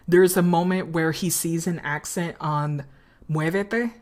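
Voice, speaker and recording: A woman's voice: fairly low pitch, unhurried, darkish tone. A woman streamer, chatting casually and swearing freely as she drifts between topics. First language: Spanish.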